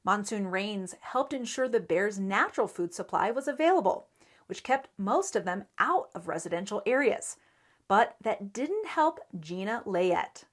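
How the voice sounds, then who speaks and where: Lady newsreader doing a local story, even and measured, middle-pitched voice. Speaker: news reporter. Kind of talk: scripted news narration.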